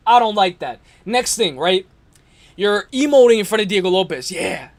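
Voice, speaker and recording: A man's voice: high-pitched, animated, normal speed. A man hosting a casual fight-talk livestream, rambling and slangy, repeating himself and talking straight to his viewers. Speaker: MMA livestream host.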